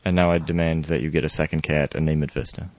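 A man's voice: extremely low pitch, fairly even intonation, quick pace, a little hiss or hum. A man in casual podcast chat, laid-back, explaining gadgets with jokes and mild swearing. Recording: dry, dull lo-fi sound.

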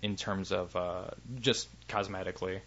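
A man's voice: low-pitched, little pitch movement, moderate pace, a bit bright, muffled recording, a little hiss or hum. A man co-hosting a casual tech podcast, rambling with lots of fillers and restarts. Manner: rambling, many fillers and restarts, laughs easily. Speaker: podcast co-host.

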